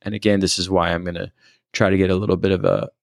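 A man with a very low voice full of gravelly fry talks through a personal story. He is thoughtful and hesitant, often pausing and restarting. The recording is dry and close. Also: sing-song, dry recording. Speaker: storyteller recounting a personal experience.

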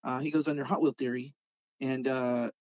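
A man's voice: mid-range voice, normal speed, no echo, dull audio. A man casually telling a rambling story about customizing toy cars, acting out the voices of his friends along the way. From Southern California. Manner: rambling, animated when quoting others. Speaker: guest, Hot Wheels customizer.

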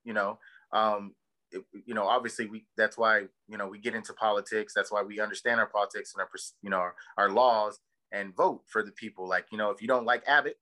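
A man's voice: on the low side, fairly even intonation, brisk, bright, forceful tone, rough recording. A man co-hosting a podcast, telling a heated, rambling story full of fillers and swearing. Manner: heated and emphatic. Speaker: podcast co-host. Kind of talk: casual podcast chat.

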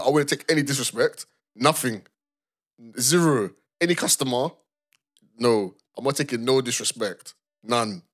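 A man's voice: medium pitch, fairly bright tone. A young man co-hosting a podcast, telling retail stories casually, laughing often and repeating phrases for emphasis. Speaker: podcast co-host. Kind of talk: casual storytelling chat.

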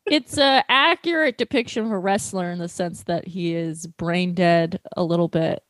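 A woman's voice: lowish voice, a bit bright, no echo. A woman co-hosting a casual comedy podcast, recapping an anime with sarcasm and casual swearing. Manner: sarcastic, swears casually, does quick character voices.

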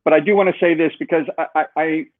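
A man's voice: a little high, rapid-fire, no echo. Man telling a story over a tinny line. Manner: animated storyteller, acts out quoted dialogue. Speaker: guest, software co-founder. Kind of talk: storytelling interview.

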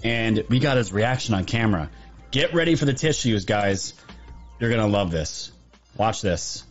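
A man's voice: fairly low pitch, lively intonation, normal speed. Male host, opinionated commentary, punchy and repetitive, slightly dull recording with faint music. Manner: emphatic and repetitive.

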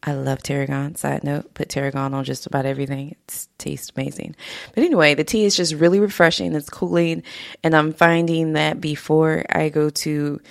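This podcast host has a low, creaky voice with fairly even intonation and a moderate pace. Her casual motivational talk is heartfelt and slightly emotional, full of frequent laughter. It's studio quality with no echo, captured on a podcast mic in her home studio.

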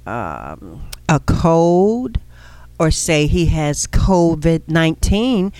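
A female podcast co-host who talks slowly and emphatically. Her pitch moves a lot while she joins in the casual chat. The sound is close and dry. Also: sing-song, dark tone, dry recording.

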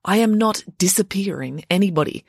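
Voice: medium pitch, animated, fairly quick, creaky, slightly rough, no echo, studio quality, pitched above the performer's own voice. A reader voicing an earnest, proper teenage girl detective who speaks precisely and a little nervously. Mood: prim.

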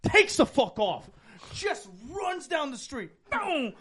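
A man telling a story in casual chat on a podcast, animated and profane, acting out the people in it. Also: very high-pitched, slow. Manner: animated, profane, acts out other people's lines.

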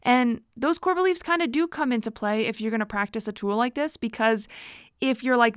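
A woman's voice: fairly high pitch, a little fast, no room sound, studio quality. A woman hosting a casual solo podcast, chatty and reflective, laughing often and talking with lots of fillers. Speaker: podcast host.

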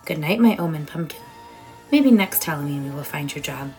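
A woman's voice: sits low, expressive, fairly quick, darkish tone, soft background music. Woman voicing a tearful little girl witch. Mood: tender. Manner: quavering, pleading. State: crying. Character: small young girl witch, earnest and tearful.

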